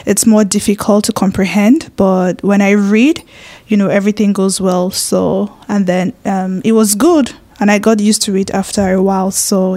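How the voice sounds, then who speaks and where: A young woman talks openly in an interview, in a voice of middling pitch. She is chatty and expressive, often pausing on "um" and starting her sentences over. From Nigeria. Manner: chatty and expressive with many fillers and restarts. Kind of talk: casual interview chat.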